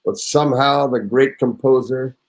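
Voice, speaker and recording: A man's voice: medium pitch, fairly even intonation, normal speed, rough recording. A man around seventy, an actor and guest, reading a memoir anecdote and chatting in a raucous, theatrical way.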